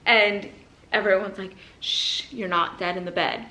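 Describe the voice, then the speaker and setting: Young woman vlogging, animated storyteller, mid-pitched voice, echoey room. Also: normal speed. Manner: animated, acts out quoted voices, frequent "like". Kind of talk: casual storytelling to camera. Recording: roomy echo.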